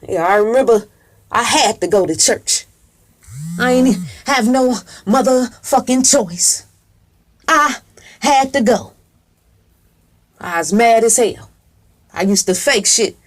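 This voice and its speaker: A woman's voice: fairly high pitch, lively intonation, slow, long pauses. Woman preaching a profane story. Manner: emphatic, call-and-response cadence, heavy cursing.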